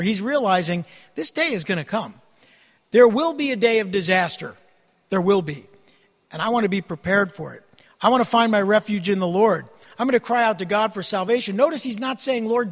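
A man's voice: high-pitched, long reverb tail. A man preaching a sermon, earnestly teaching and reading scripture aloud. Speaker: pastor.

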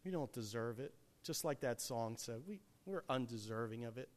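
A man preaching a sermon, swinging from hushed, quiet passages to loud, emphatic peaks. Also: medium pitch, lively intonation, moderate pace.

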